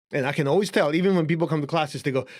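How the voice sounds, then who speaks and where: Speaking to the camera with a Chinese accent, a man teaches casually and conversationally, like a spiritual teacher addressing a class. His slightly mellow voice sits a little higher than most men's, and he chuckles lightly as he explains, at one point holding a book up to the camera.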